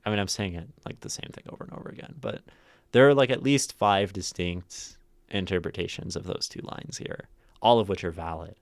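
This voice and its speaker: Very low, dry-voiced man musing on poetry. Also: brisk, no room sound. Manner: musing, thinks aloud with many fillers; rereads lines with shifting inflection. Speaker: livestream host analyzing poetry. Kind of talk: casual livestream commentary.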